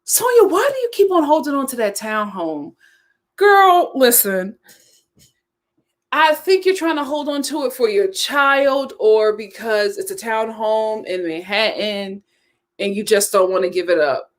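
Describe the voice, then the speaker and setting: A woman's voice: fairly high pitch, animated, measured pace. A woman hosting a casual live stream, chatting emphatically, repeating her points and reading viewer comments aloud. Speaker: host of a reality TV chat stream.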